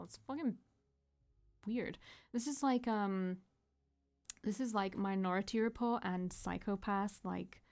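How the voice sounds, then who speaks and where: Woman doing a casual game playthrough, chatty and sweary, warm mellow voice. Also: mid-range voice. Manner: chatty, laughing asides, swears freely. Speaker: gaming streamer. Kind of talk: casual let's-play commentary and reading.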